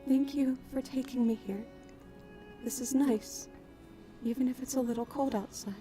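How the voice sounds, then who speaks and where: A tired, gentle princess , voiced by a woman, speaks softly in a video game. Her voice is high and very mellow, full of tenderness. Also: fairly even intonation, moderate pace, faint music behind, close to an everyday voice. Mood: tender. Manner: soft, affectionate. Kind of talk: game voice acting.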